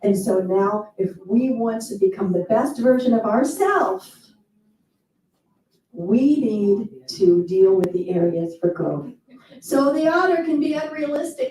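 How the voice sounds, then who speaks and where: A woman's voice: fairly high pitch, expressive, a little slow, dark tone. A woman giving an enthusiastic, playful motivational seminar talk to a live audience, breaking into quoted asides. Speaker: motivational speaker. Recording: echoey hall, speaker far from mic.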